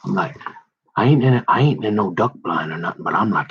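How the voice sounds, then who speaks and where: A man's voice: on the low side, animated, fairly quick, fairly bright tone, a little hiss or hum. A man talking in a rambling, folksy casual monologue, drawling and sometimes dropping to a whisper. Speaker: vlogger reading scripture. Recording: dull lo-fi recording.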